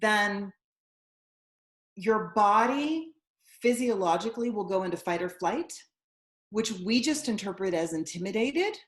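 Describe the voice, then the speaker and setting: A woman's voice: medium pitch, animated, unhurried, pauses often. A woman guest who runs a yoga studio, explaining things earnestly in a casual interview. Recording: echoey room.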